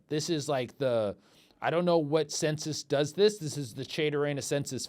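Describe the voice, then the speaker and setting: Animated man rambling crude comedy. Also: fairly high pitch. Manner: acts out little quoted exchanges. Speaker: podcast host. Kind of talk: crude comedic podcast rant.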